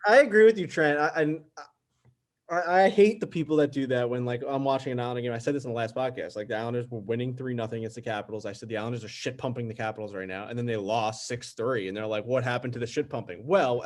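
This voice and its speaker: A man with a New York accent, co-hosting a podcast in casual chat, swearing often and arguing loudly. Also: medium pitch, fast. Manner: swears a lot, argues loudly. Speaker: podcast co-host.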